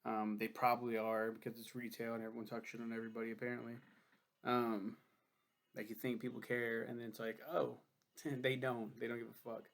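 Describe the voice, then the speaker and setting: A young man casually vlogs a review of a friend's book, rambling, swearing freely, and making fun of himself. His voice is medium-pitched and fairly flat, brisk, with vocal fry.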